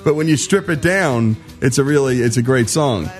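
A man's voice: mid-range voice, expressive, moderate pace, faint music behind. A man hosting a radio talk show, jokey and leading the conversation in casual chat.

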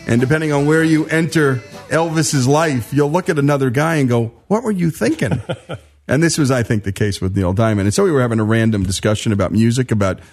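A man's voice: mid-range voice, a little fast, darkish tone, faint music behind. A man hosting a radio talk show, jokey and leading the conversation in casual chat.

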